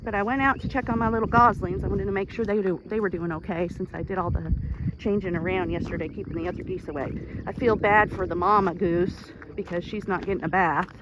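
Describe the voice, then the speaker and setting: A woman's voice: fairly even intonation, fast talker, lo-fi sound. Chatty Texan ranch woman, outdoor noise. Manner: chatty, switches to a high sing-song baby voice when talking to animals. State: slightly out of breath. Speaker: ranch owner. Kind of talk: casual walking vlog. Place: outdoors on a rural ranch property. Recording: outdoor ambience with animal noises.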